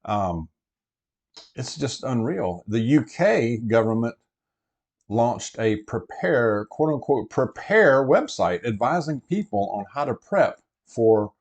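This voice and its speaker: A man in the middle range of pitch, talking casually from the cab of a truck. He rambles through his thoughts with plenty of fillers, restarts and asides, like an easygoing vlog host chatting to his regulars. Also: sing-song, slow. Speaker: prepper vlogger host. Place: inside a truck.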